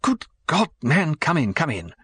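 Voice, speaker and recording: A brisk, chummy British station chief, as a male narrator puts him on, his voice lifted above the narration in quick, clipped bursts. The recording is dry and close. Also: a little high, huge pitch swings, a bit bright, breathy edge, dry recording, voice pushed up, full character voice. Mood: alarmed.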